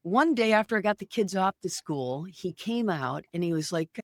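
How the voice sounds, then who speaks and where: Animated woman telling a story. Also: lowish voice, normal speed, no echo, studio quality. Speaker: podcast guest, author and radio personality. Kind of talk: casual interview storytelling.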